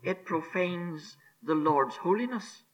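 A man preaching a sermon on scripture, emphatic and deliberate, repeating key phrases and sinking to a hushed near-whisper on solemn words. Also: high voice, low-quality recording. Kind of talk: expository sermon.

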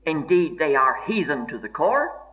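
A man's voice: on the high side, big pitch swings, moderate pace. A man preaching a sermon in an earnest, emphatic way, repeating key phrases for stress. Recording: dull lo-fi sermon recording.

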